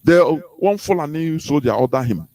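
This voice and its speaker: Give me a fairly high-voiced Nigerian man preaching politics on the radio, asking the listener rhetorical questions. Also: lively intonation, brisk, a little mellow. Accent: Nigerian English. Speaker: radio host. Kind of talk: impassioned political radio talk.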